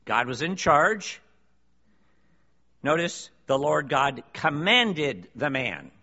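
A man's voice: a little high, very animated, slow pace, sharp tone. A man preaching a sermon to a congregation, emphatic and full of rhetorical questions. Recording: long hall reverb, dull lo-fi sound.

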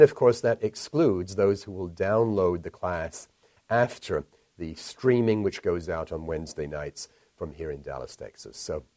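A man delivering a recorded sermon as a pastor, measured and earnest, lifting his voice when he reads scripture. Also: sits low, mellow, no echo.

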